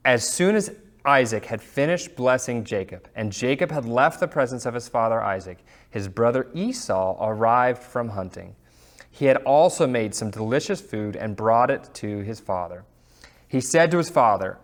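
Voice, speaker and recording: A man teaching a Sunday school class, reading scripture aloud and chatting in a relaxed way with fillers and asides. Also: medium pitch, moderate pace. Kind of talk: casual Bible lesson with reading aloud.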